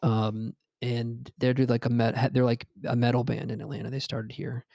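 A man's voice: mid-range voice, flat delivery, moderate pace, vocal fry, mellow, no echo. A young man, hosting a podcast and telling a rambling, profane personal story with lots of fillers and restarts. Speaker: podcast host. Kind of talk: casual storytelling chat.

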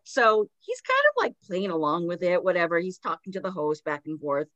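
A woman's voice: fairly low pitch, moderate pace, few pauses, dry recording. A woman hosting a podcast with a sore throat, telling a spooky story casually and animatedly with lots of "like". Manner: animated retelling with fillers like "like".

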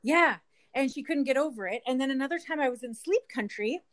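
A woman's voice: sits high, animated, a little fast. A woman co-hosting a casual podcast, chatting and laughing as she recounts odd encounters. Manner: chatty, laughs often, retells encounters with quoted dialogue. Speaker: podcast co-host. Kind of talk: casual chat.

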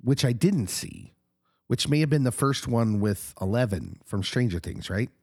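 A middle-aged man who co-hosts a podcast, talking casually while hoarse and husky from a recent illness, animated and laughing often. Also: medium pitch, moderate pace, dry recording, clean studio sound. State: hoarse, getting over an illness. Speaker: podcast co-host, pastor.

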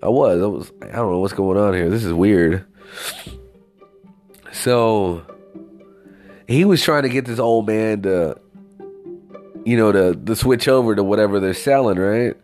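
A man telling a story in a casual, profane, rambling rant with lively swings of pitch. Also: unhurried, long pauses, soft background music.

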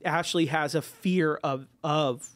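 A young adult man co-hosting a podcast, telling stories in a lively way and laughing often. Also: a little high, slow, no echo. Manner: animated storyteller, laughs often. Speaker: podcast co-host. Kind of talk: casual chat.

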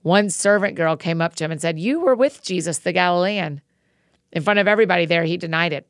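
A woman host reading scripture expressively and praying in a soft, informal way. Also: lowish voice, fast talker, no room sound, clean studio sound. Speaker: Bible reading podcast host. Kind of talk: scripture reading and spoken prayer.

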